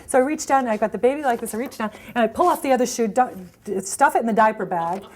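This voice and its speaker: A middle-aged woman speaks to an audience about her early struggles, her voice rising and falling as she acts out what people said to her. She talks in looping, unscripted sentences full of restarts. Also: fast talker. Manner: animated storytelling with many restarts, acting out quoted lines in a higher voice. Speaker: speaker at a networking event. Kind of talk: personal storytelling talk.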